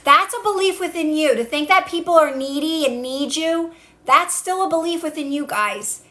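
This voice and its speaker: A woman on a phone livestream, coaching viewers in a casual way, repeating calm instructions and answering their comments. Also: high-pitched, normal speed. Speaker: manifestation coach. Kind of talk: casual TikTok live talk.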